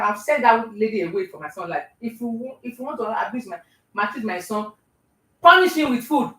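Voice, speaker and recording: A woman's voice: mid-range voice, animated, fast, a bit bright. An older Nigerian woman with a Nigerian accent, host of a live cooking show, lecturing and joking as she chats and laughs often. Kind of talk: casual chat while cooking live. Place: home kitchen. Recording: roomy, distant from the mic.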